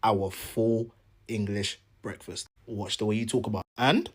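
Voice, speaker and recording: A man telling a comic story in an animated, jokey way, acting out each side. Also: fairly low pitch, measured pace, breathy edge. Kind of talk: comedic storytelling.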